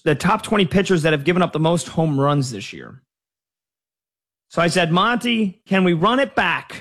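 Upbeat sports radio host, higher voice. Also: male voice. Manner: energetic, animated, jokey. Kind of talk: lively sports talk show banter.

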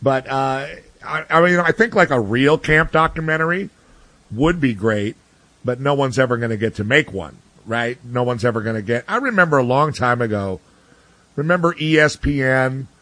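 A man's voice: mid-range voice, normal speed, fairly bright tone, dry recording. A man giving blunt, ranting sports opinions in casual talk, full of restarts and fillers. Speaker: sports commentator guest.

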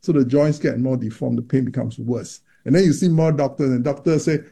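Gravelly, dark-toned doctor explaining patiently. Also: male voice, mid-range voice, brisk. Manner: explanatory, many repeated words and restarts. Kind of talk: interview about menopause research.

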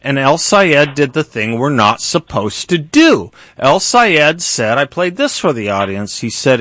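A man hosting a political talk radio show, speaking in a measured way and repeating words for emphasis. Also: medium pitch, very animated, fairly bright tone, dry recording.

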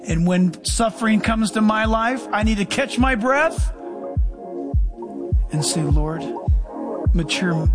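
A middle-aged male pastor preaching a sermon, animated, with sudden drops to soft, low asides. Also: measured pace, long pauses, music in the background.

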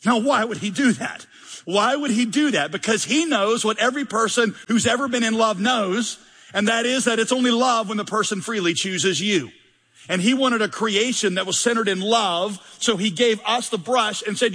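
Male pastor, high bright voice with a husky edge, humorous and emphatic sermon, long hall reverb. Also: moderate pace. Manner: conversational, humorous, emphatic, rhetorical questions.

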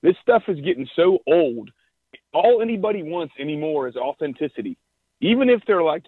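A man's voice: fairly high pitch, big pitch swings, moderate pace, breathy edge, no room sound. A man calling in as a regular guest on political talk radio, blunt and exasperated. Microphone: phone line. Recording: tinny phone line.

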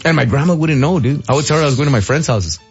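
A man, telling animated, slangy stories as a podcast co-host. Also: mid-range voice, very fast, husky, highs cut off, soft background music. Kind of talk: casual chat.

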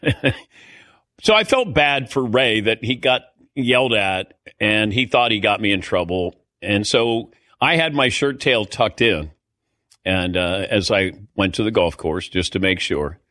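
A middle-aged man hosts a casual sports talk show, rambling through stories with indignant asides and self-mocking humor. His voice is bright and forceful. The sound is dry and close. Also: lowish voice, animated, unhurried, dry recording. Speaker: sports radio host.

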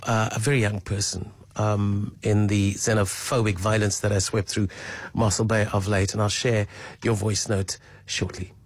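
A man hosts a call-in radio show in a fairly low voice that sounds close and dry. He talks casually and thoughtfully, often pausing on fillers as he weighs each point. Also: no echo. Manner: thoughtful, hesitant, with many fillers. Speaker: radio talk show host. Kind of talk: casual radio talk, reading listener messages.

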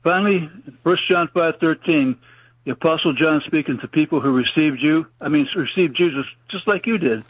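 A man preaching fast and urgently as a caller on a radio talk show, with folksy, plain-spoken grammar. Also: fairly high pitch, slightly rough, no echo. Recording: tinny phone line on radio.

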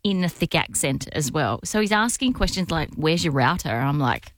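Lively woman telling a story. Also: low voice, moderate pace, no room sound. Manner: animated, laughing storyteller. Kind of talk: casual chat, storytelling.

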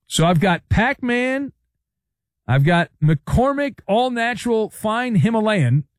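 Male sports radio host, sarcastic riffer, high-ish animated voice, dry sound. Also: takes it slowly, no echo. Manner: sarcastic, riffing, playful asides. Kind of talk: sports talk monologue.

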